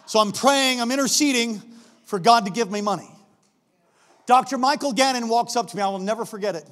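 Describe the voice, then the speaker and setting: High-voiced preacher in an echoing hall. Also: male voice, brisk. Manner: animated storytelling, acts out characters, shifts between quiet asides and shouting. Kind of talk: sermon.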